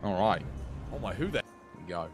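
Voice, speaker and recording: A young man streaming a game, chatting excitably with his viewers. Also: lowish voice, a little fast, soft background music. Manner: chatty, excitable, talks to chat. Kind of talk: casual live-stream chat.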